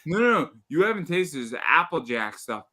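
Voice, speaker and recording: A male podcast host talks in a high, bright, forceful voice. He is animated and self-mocking in casual banter, with the odd curse. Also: moderate pace.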